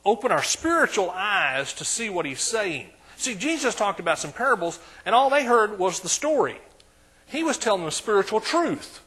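East texas preacher guy, husky, kinda bright and high, asks amen a lot. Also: big pitch swings, normal speed. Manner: calls for amens, swings between quiet and loud. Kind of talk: sermon. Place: church.

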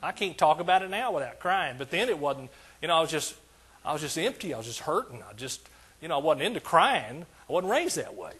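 An older man delivers a sermon with a husky, slightly breathy voice pitched a little above the usual for men. He preaches in an emphatic, repetitive cadence, driving each point home. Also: sing-song, a little fast, fairly bright tone. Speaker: pastor.

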